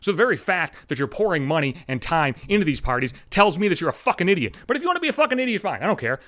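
Fast, furious swearing man ranting. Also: high-pitched, very animated, dry recording, clean studio sound. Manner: swears constantly, shouting at viewers. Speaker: video ranter. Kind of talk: profane angry rant.

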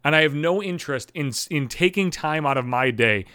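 A man's voice: on the high side, expressive, a little fast, bright, forceful tone, no echo. A man in his thirties hosting a podcast, ranting in an agitated, sarcastic way and swearing constantly. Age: 30s. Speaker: podcast host. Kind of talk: profane solo rant.

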